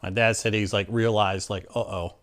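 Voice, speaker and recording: A man's voice: lowish voice, steady tone, moderate pace, fairly bright tone. A middle-aged man candidly recounting a personal story in an interview, acting out what people said. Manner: candid, plainspoken, acts out quotes.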